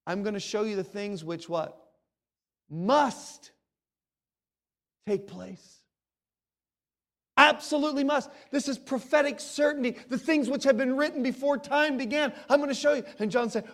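Man, middle-aged pastor, sermon, very high voice, dramatic, loud then hushed. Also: measured pace, pauses often. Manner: dramatic preaching, swinging from loud exclamations to low hushed passages.

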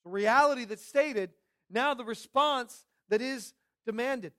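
Man, pastor, sermon, emphatic, repeats key phrases, high voice, dry sound. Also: measured pace, fairly bright tone, no room sound.

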